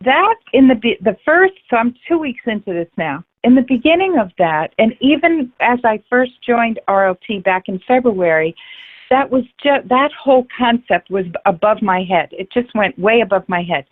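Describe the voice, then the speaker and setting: A woman's voice: a little high, animated, moderate pace. Woman, interview guest, frank and passionate, swears freely, thin phone-line sound. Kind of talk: candid personal interview.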